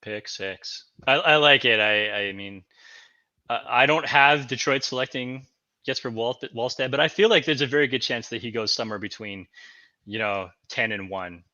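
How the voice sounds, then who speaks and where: A man's voice: medium pitch, moderate pace, sharp tone, no room sound, lo-fi sound. A man co-hosting a podcast, breaking down hockey prospects analytically, often hedging with "I think.". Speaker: podcast co-host. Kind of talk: casual hockey draft analysis.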